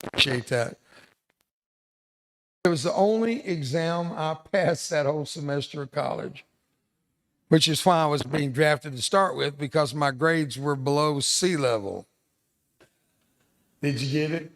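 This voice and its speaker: Older joking veteran speaking to students. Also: male voice, a little high, unhurried, pauses often, fairly bright tone. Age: 70s. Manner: joking, self-deprecating storyteller. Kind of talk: storytelling speech to students.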